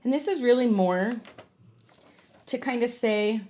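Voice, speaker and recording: A woman's voice: on the high side, unhurried, dark tone. A woman hosting her own podcast, talking candidly and earnestly about her faith in an unscripted monologue with frequent fillers and restarts. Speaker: podcast host.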